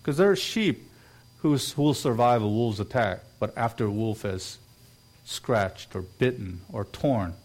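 A man's voice: mid-range voice, animated, a little slow, a little mellow. A man preaching a sermon in an earnest way, now and then acting out quoted voices. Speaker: pastor.

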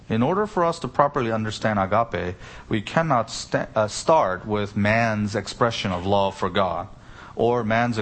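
A man preaching an expository sermon, stressing key words with sudden lifts and asking rhetorical questions. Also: fairly low pitch. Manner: explains Greek grammar with rhetorical questions. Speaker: pastor.

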